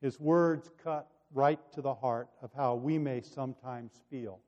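A man preaching a sermon, reading scripture with dramatic delivery and then reflecting quietly. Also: mid-range voice, fairly even intonation, unhurried. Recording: dull sound with long hall reverb.

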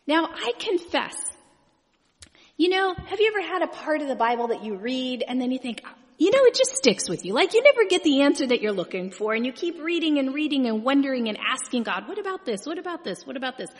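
A woman's voice: high voice, very animated, normal speed. A woman preacher teaching a sermon in a conversational way, often checking in with the audience. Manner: conversational, keeps asking the audience "right?". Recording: long hall reverb.

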